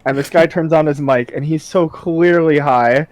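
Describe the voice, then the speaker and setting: A man co-hosting a podcast, telling an animated story in casual chat, laughing often and swearing. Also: fairly high pitch, normal speed. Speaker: podcast co-host.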